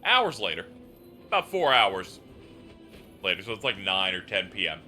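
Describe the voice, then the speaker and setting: Low bright-voiced guy streaming, super animated, bit of game music behind. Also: normal speed. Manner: animated storytelling, acts out quotes. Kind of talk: casual livestream chat.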